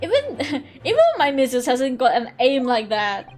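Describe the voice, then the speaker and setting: A blunt male juror from a courtroom video game questions the defense in open disbelief, read aloud by a woman streamer. The voice sits fairly high, and faint background music runs under it. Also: big pitch swings, unhurried, a little mellow. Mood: incredulous.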